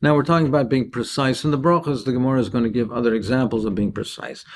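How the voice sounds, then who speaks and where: A man's voice: medium pitch, steady tone, quick pace, a little hiss or hum. Man explaining Talmud line by line. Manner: explanatory, translates Aramaic line by line. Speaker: Talmud teacher. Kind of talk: daily Talmud lesson.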